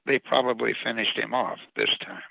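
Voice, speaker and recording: A man reading his own short story on the radio in a wry, sardonic way. His voice is deeply gravelly with a bright, forceful edge. The recording is dry and a little dull and lo-fi. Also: moderate pace, no room sound. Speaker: radio commentator and writer.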